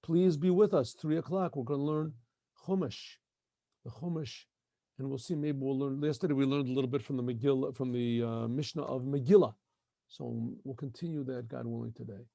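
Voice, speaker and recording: Throat-clearing rabbi with a gravelly voice. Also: male voice, mid-range voice, fairly quick, mellow, dry recording, clean studio sound. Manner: frequent throat-clearing, self-correcting and meandering. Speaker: rabbi teaching a daily class. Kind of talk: casual spoken lesson.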